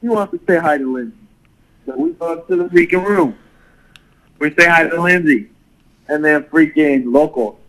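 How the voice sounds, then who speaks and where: A man's voice: a little high, lively intonation, normal speed, long pauses, a bit bright, poor audio. A man telling a crude, profane party story in casual talk, full of swearing and laughter. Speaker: guest storyteller.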